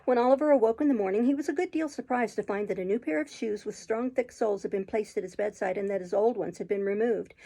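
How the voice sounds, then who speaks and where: Woman audiobook reader, steady and measured; dark, gravelly tone. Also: medium pitch, low-quality recording. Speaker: audiobook reader, channel host. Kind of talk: audiobook reading.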